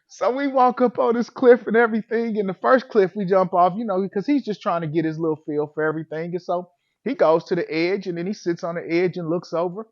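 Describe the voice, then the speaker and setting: Man with a high voice telling a funny story, plays out his own reactions, dull lo-fi audio. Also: fairly even intonation, fairly quick. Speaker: vlogger telling a personal story. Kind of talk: casual comedic storytelling.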